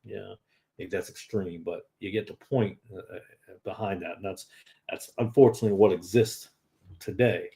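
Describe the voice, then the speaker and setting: A man's voice: low-pitched, steady tone, normal speed, vocal fry, dark tone. Man in his fifties, Northern US accent, lay preacher, earnest, conversational sermon. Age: 50s. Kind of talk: informal sermon.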